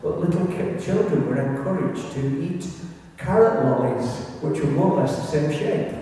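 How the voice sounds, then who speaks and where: Man, warm mellow voice, chatty local history talk, recorded from far off in an echoey hall. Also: a little high, normal speed. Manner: chatty, anecdotal, with asides to the audience. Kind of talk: illustrated public talk.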